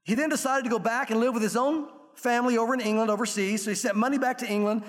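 A man preaching a sermon, telling an illustration story earnestly and slowing down for the emotional parts. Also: extremely high pitch, steady tone. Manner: earnest storytelling, slows and softens for emotional quotes. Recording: long reverb of a large room.

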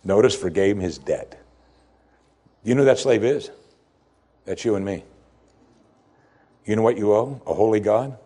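Husky-voiced man preaching a sermon. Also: fairly low pitch, moderate pace, pauses often, dark tone. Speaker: pastor.

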